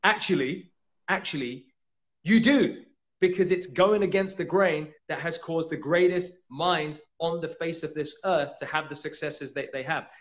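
A man with a somewhat high voice giving a rousing motivational talk. He speaks emphatically and leans into his points. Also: fairly even intonation, moderate pace, hardly any pauses. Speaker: co-host, retreat leader. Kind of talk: casual motivational chat.

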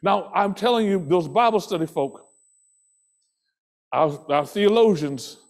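High-pitched, impassioned male preacher. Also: lively intonation, a little slow. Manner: impassioned preaching, shouting high phrases, then dropping low and soft; repeats rhythmic refrains. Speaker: pastor. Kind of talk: sermon.

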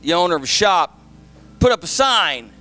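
A male pastor delivers a sermon, moving from a gentle story into emphatic, shouted preaching. His voice sits very high for a man and sounds bright and sharp. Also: sing-song, moderate pace, soft background music.

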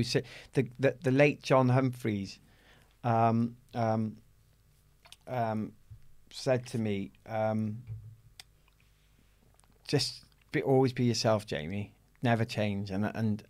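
A middle-aged Welsh man, an athlete guest in an interview, telling a personal story in an animated way and acting out the voices he quotes. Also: on the low side, slow pace. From Wales.

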